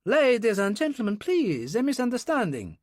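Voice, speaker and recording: A man's voice: very high voice, huge pitch swings, moderate pace, darkish tone, no room sound, clean studio sound, voice pushed up, exaggerated voice. A man voicing a nervous, placating club manager in an audiobook. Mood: flustered. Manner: anxious, shaky, placating. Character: flustered club manager, middle-aged man.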